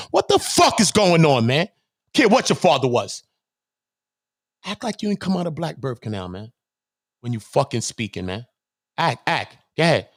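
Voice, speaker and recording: A man hosting his own channel, delivering a heated, profane commentary rant that swings between low muttering and high-pitched shouting. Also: big pitch swings, fairly quick. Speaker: channel host.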